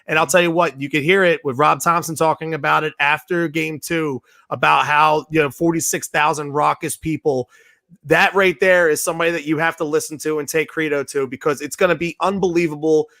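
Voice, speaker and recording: A man hosting a sports radio show, hoarse and losing his voice, rallying fans with hype and energy. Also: a little high, steady tone, brisk, bright, forceful tone, no echo, studio quality. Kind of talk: excited sports radio talk.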